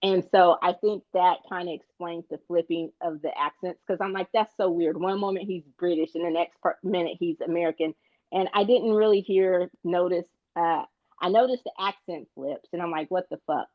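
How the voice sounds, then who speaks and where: A woman's voice: on the low side, moderate pace, no room sound, highs cut off. A woman co-hosting a movie podcast, chatting casually and tripping over her words now and then. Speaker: podcast co-host. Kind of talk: casual chat.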